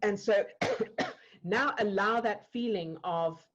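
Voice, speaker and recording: A woman guiding a client through an emotional coaching exercise, gentle and explaining step by step. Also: mid-range voice, takes it slowly, dull audio. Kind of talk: live online coaching session. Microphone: video call.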